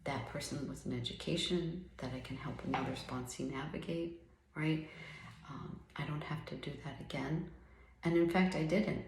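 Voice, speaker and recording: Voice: mid-range voice, creaky, echoey room, a little hiss or hum, low-quality recording. A person in their fifties giving an earnest, reflective talk about recovery, often checking in with "right?". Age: 50s. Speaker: recovery speaker.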